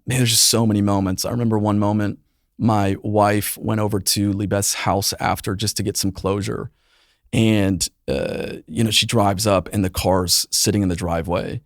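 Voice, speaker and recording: A man in his thirties, a youth pastor guest on a podcast, telling a painful personal story earnestly and with emotion, often softening his voice. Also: dry recording, clean studio sound. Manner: earnest, emotional storytelling, voice drops low and soft in painful moments. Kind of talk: personal testimony in conversation.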